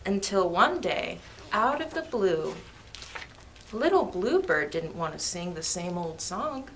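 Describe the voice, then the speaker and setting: A woman reading a picture book aloud to children at storytime, lively and expressive. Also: lowish voice, slow, a little hiss or hum. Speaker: storytime reader.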